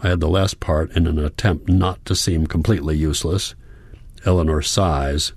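A man calmly narrating a first-person audiobook in a measured way. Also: a bass voice, vocal fry, slightly rough, no echo, studio quality.

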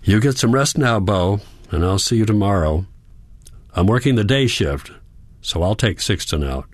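A man's voice: fairly low pitch, lively intonation, moderate pace, dry recording. A man doing a kind but firm caregiver woman. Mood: gently firm. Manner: gently firm, reassuring.

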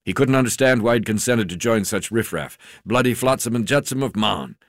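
A man reads his own memoir aloud, stumbling now and then over hesitations and restarts. His voice sits very low and deep. The recording is dry and close, with no room sound. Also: lively intonation, a little fast, no echo. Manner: unpolished reading, frequent "uh" fillers and restarts. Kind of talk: memoir narration read aloud.

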